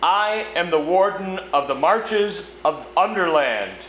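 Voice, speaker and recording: A man's voice: high-pitched, expressive, slow pace, fairly bright tone, voice pushed up, heavily acted. A man reading aloud, voicing a stern male warden of an underground realm with formal, commanding speech in a storybook. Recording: echoey room with background noise.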